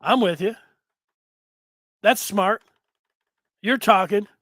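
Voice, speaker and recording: A man's voice: high-pitched, slow, a bit bright, dry recording. A man hosting a casual sports talk stream, chatting in a rambling way and reading out viewer comments. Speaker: sports show host.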